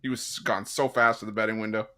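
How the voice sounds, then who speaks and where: Bright-voiced man telling a story. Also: on the low side, fast. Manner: animated storyteller, playful. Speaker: sports betting show co-host. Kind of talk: casual live-stream chat.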